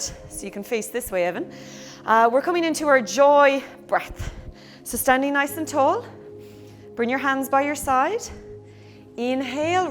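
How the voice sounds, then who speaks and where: High-voiced and upbeat, a young Irish woman runs a yoga class for children, cheering on the kids at home in a playful way.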